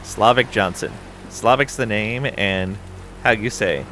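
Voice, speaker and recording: A man's voice: on the low side, unhurried, sharp tone, slight background noise. A man voicing a drunk, brash man who pushes his talk on others in slangy rambling. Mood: boisterous.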